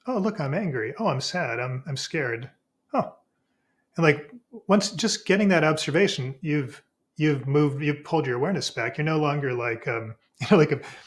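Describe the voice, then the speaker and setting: A spiritual teacher guesting on a podcast talks through his ideas in an easygoing, conversational way. Every so often he voices inner thoughts in abrupt, high exclamations.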